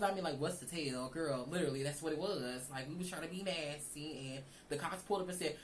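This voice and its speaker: A woman's voice: sits low, slight background noise, low-quality recording. A young woman, chatting animatedly to viewers in a casual storytime. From Southern United States. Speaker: vlogger.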